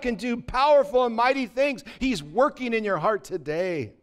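A man's voice: very high-pitched, lively intonation, normal speed. A pastor preaching a sermon, asking his congregation rhetorical questions and telling a story with acted-out dialogue. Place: church.

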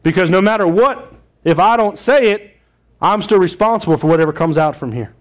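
A man with a fairly high voice preaching a sermon to his congregation. He speaks as their pastor, in a conversational way, and often puts questions to the room. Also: animated, fairly quick.

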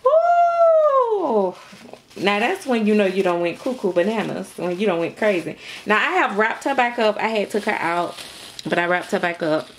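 A woman's voice: mid-range voice, fairly quick, a little hiss or hum. A woman, chatting casually in a vlog as a doll artist, gushing and exclaiming to her viewers. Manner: gushing, exclaims often, speaks to viewers as "y'all" and "baby".

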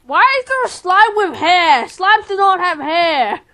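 A woman with a very high, bouncy voice joins a game session. She giggles constantly and teases her friend, her pitch swinging widely as she reacts. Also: animated, measured pace, fairly bright tone. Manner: giggly, teasing, playful. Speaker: co-player. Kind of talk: casual gaming chat.

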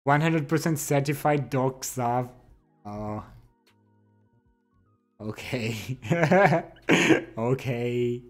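A young adult man with a medium-pitched voice livestreams, chatting casually with viewers in a slow, drawn-out manner. He reads their messages out loud and playfully teases them, with soft music faintly in the background.

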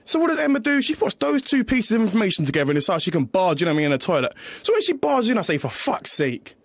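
A man's voice: sits high, big pitch swings, rapid-fire. A man, a reality show housemate swearing and confronting someone in a heated indoor argument. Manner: swearing, confrontational, repeats himself.

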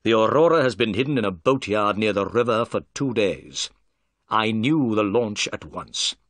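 A man reading a confident, commanding detective, brisk and assured in a storybook reading. The pitch moves in a lively way while staying close to the reader's own register. The sound is close and dry, with no room around it. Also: dry recording.

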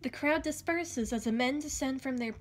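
A woman reading a novel aloud, steady and even, with the occasional slip of the tongue. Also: sits high, moderate pace. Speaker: audiobook reader.

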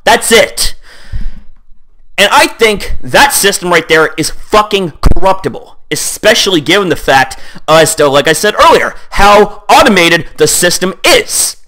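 Young male YouTuber, angry profane rant, high and animated, sharp tone, just off a workout. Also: moderate pace. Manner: heated, profane, repeats "here's the thing". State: sweaty, just back from the gym.

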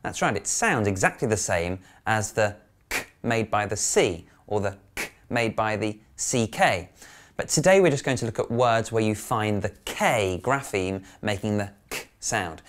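A woman's voice: rumbling low, animated, unhurried. A woman teaching phonics to children, sounding out letters and cheering them on. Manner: clear, encouraging, sounding out letters.

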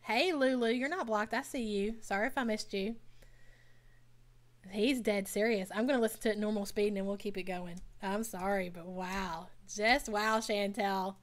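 A woman's voice: medium pitch, moderate pace. A woman hosting a live stream, giving blunt, sassy commentary and talking back to her chat. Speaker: live stream host reacting to a reality show.

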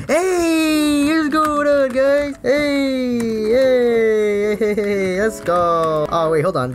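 Lively, excitable gaming YouTuber. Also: mid-range voice. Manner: excitable, jokey, frequent gasps and laughs. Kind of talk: let's play commentary.

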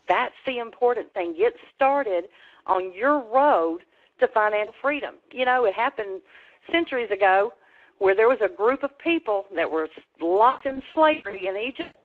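A woman's voice: on the high side, expressive, normal speed. A woman hosting a webinar, giving a rousing, preacher-like motivational pep talk. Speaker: webinar host. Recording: tinny phone line.

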